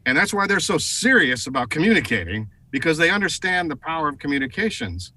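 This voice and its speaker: A middle-aged man telling a story in a TV interview, animated and full of fillers and repeated words. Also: fairly high pitch, quick pace, rough recording. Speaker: guest, advertising executive.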